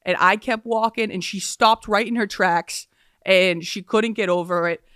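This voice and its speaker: A woman's voice: medium pitch, steady tone, unhurried, fairly bright tone, clean tone, no echo. A woman hosting a casual podcast, rambling through stories with fillers and frequent laughs, recorded on a close studio mic. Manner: rambling storyteller, laughs often, many fillers. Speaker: podcast host. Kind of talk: casual solo podcast chat.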